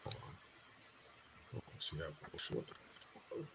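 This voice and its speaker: A man's voice: normal speed, pushed and bright, a little hiss or hum. A man hosting a comedy podcast who delivers profane, mocking rants. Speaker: podcast host.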